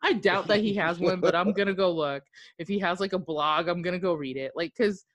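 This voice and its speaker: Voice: mid-range voice, brisk, dry recording. Podcast host, casual rambling chat, laughs a lot, dry close sound. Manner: rambling and animated, many "like" fillers; laughs often.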